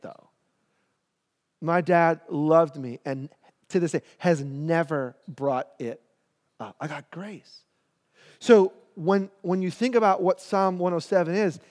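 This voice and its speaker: High-voiced animated preacher man in a hall. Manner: animated, acts out voices in his story. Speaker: pastor. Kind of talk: storytelling sermon. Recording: long hall reverb.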